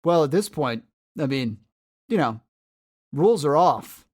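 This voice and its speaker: A man's voice: on the high side, animated, unhurried, a little mellow. A man voicing a hostile, blunt male thug who swears and threatens, as a game master in a tabletop game. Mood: threatening.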